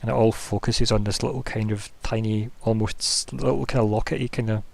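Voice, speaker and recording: Rambling, low-voiced game master. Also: male voice, fairly even intonation, a little fast, vocal fry. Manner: casual, rambling, many fillers. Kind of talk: narrating a tabletop game.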